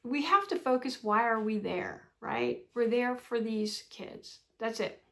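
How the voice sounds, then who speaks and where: A woman in her sixties talking casually to her vlog audience, chatty and animated, often exasperated, with frequent laughs. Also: a little high, unhurried, vocal fry. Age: 60s. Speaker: vlogger.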